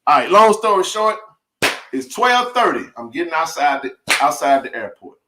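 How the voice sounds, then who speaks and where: A middle-aged man, telling a rambling, animated story on a live stream, full of restarts and laughs. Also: a little high, moderate pace, background noise. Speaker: live-stream sports chat host. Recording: roomy echo.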